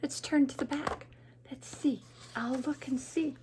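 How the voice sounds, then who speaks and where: A woman teacher reading a picture book aloud to children, gently pointing things out and asking them questions. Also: sits high, steady tone, a little slow, slight background noise. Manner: gentle, questions and asides to young listeners.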